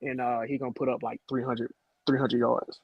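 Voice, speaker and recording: Quick talking guy on a sports panel, kinda husky, jumpy pitch. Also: flat delivery, dry recording, lo-fi sound. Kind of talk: casual sports panel chat.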